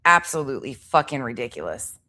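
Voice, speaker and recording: A woman with a low voice hosts a casual reaction stream. She speaks bluntly and swears freely, addressing her viewers directly. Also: very animated, a little fast, sharp tone. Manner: blunt and profane, talks straight to the chat. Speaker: streamer reacting to podcast clips.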